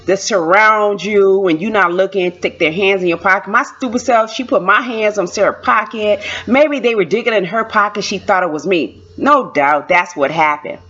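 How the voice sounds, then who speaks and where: A woman vlogger telling a story in a chatty, animated way, repeating lines for emphasis, on a dull lo-fi recording. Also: medium pitch, moderate pace, hardly any pauses, husky, faint music behind. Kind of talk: casual storytime.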